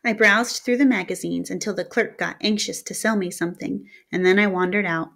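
A woman's voice: medium pitch, a little fast, vocal fry. Woman reading a novel aloud. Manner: steady, storytelling. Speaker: reader. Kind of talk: audiobook narration.

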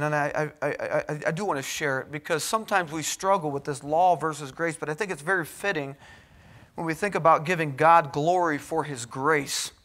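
A man's voice: fairly high pitch, fairly bright tone. A man preaching a sermon in a college chapel, earnest and exhorting, pressing his points with rhetorical questions.

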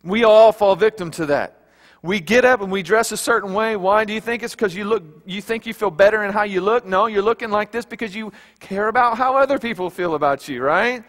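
A man's voice: sits high, fairly quick, fairly bright tone, big-room sound. A man preaching a sermon as pastor, talking to his congregation in a conversational way with rhetorical questions. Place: church sanctuary.

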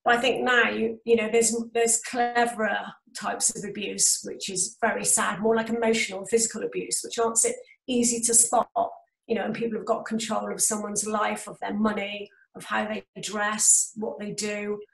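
A woman's voice: mid-range voice, level tone, moderate pace, gravelly, fairly bright tone, roomy sound, far from the mic, poor audio. A woman speaking as a guest, rambling with many fillers and repeated words. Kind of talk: casual discussion.

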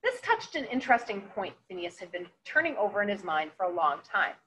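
A woman's voice: medium pitch, a little fast, slight background noise, low-quality recording. Woman teacher reading a novel aloud. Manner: expressive read-aloud.

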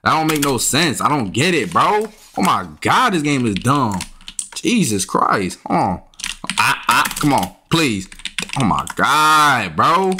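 A young man comments on his own gameplay in a bright, animated voice that swoops up and down. He talks casually and keeps trash-talking, jumping into sudden yelps of frustration. Faint keyboard and mouse clicks sit behind him at a home desk mic. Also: medium pitch, unhurried, a little hiss or hum. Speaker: gaming YouTuber.

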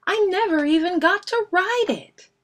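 A woman reading aloud, voicing an excitable young boy bear cub in a storybook who talks loud and whiny. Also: a little high, a little slow, voice pushed up. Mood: upset.

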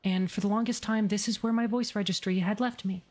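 A woman streamer in casual chat, rambling with many fillers while demonstrating voice exercises that move between a low and a higher register. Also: steady tone, brisk, a little mellow.

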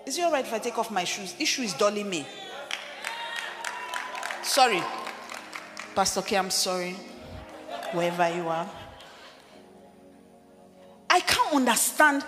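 Woman pastor, lively sermon, chatty asides, long hall reverb, faint music. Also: mid-range voice, normal speed, pauses often. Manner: animated, conversational preaching with asides to the congregation. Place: large church hall.

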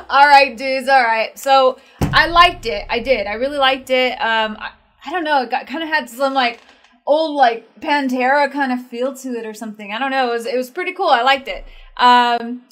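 Fields: Sex: woman. Role: reaction host. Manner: chatty, excitable. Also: high-pitched, normal speed. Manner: chatty, rambling, many fillers; playful and excitable. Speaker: metal music reaction host. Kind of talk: casual reaction commentary.

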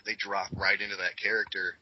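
A man's voice: low voice, level tone, a little fast, a little hiss or hum. A man co-hosting a casual wrestling podcast, enthusiastic, swearing freely and acting out quotes, on dull lo-fi audio. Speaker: podcast co-host.

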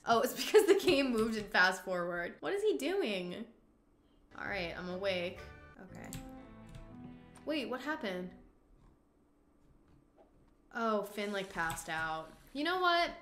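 A woman hosting a casual let's-play, talking excitably to her viewers, with gasps, exclamations and swearing at the game. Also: mid-range voice, slow pace, long pauses, over music. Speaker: gaming channel host. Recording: echoey room.

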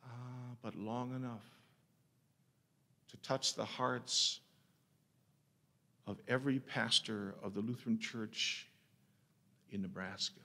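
A middle-aged male pastor preaching with a bright, forceful voice. He tells his stories with passion, rising to loud cries and dropping to hushed near-whispers. The sound is an old cassette recording with long chapel reverb. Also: on the low side, fairly even intonation, measured pace, pauses often. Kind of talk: sermon. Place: college chapel.

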